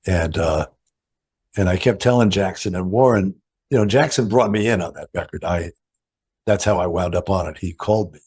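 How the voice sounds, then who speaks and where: Older man, lowish voice, interview guest, animated storyteller, acts out quotes. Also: breathy edge.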